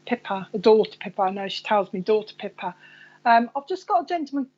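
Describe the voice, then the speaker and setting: A woman's voice: on the high side, very animated, quick pace, darkish tone. Chatty woman medium on a dull stream. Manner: chatty, rambling, addresses viewers by name. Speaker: psychic medium giving live readings. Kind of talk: live-streamed reading to viewers.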